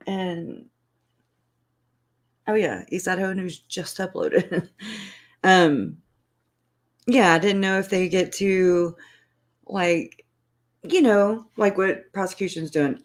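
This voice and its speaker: On her casual livestream, a YouTube channel host talks slowly and pauses often, her fairly low voice expressive. She's tearful and emotional, rambling, restarting sentences and laughing between phrases.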